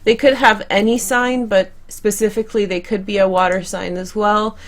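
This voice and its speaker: Young woman, tarot reader, chatty, conversational, self-correcting, mid-pitched voice. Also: steady tone, moderate pace. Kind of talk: tarot card reading to camera.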